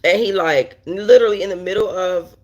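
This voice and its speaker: A woman with a mid-range, slightly fast, slightly mellow voice tells a story live to her viewers, blunt, exasperated, and swearing throughout. Hosting a storytime livestream, she keeps interrupting herself to speak directly to the audience and answer the chat as it comes in.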